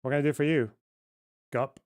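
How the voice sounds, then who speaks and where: A man's voice: mid-range voice, fairly even intonation, a little fast, no echo. Male streamer, 30s, blunt and profane, dry close sound. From Britain. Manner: blunt, sweary and offhand. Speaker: livestream host. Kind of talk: casual live-stream chat.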